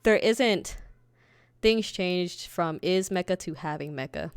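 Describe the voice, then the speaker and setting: Young woman co-host, animated and loose, swears freely; lowish, smooth voice, dry close recording. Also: slow, no room sound. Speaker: podcast co-host. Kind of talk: casual anime chat.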